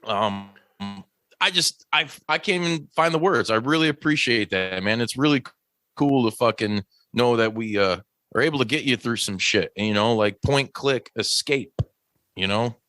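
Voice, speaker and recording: A man's voice: medium pitch, normal speed, a bit bright, no room sound. A man hosting a podcast in casual chat, loose and rambling, swearing freely. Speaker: podcast host.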